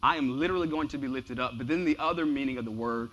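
A man preaching a sermon in a relaxed, conversational way, with emphatic repeated phrases and casual slang. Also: medium pitch, fast talker, lo-fi sound. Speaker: pastor.

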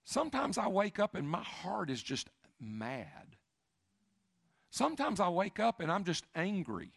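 A male pastor preaching a sermon, building repeated questions to loud emphatic peaks, then dropping to a quiet, confessional low voice. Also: huge pitch swings, unhurried, vocal fry, breathy edge, no echo, clean studio sound. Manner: repetitive, building lists of questions.

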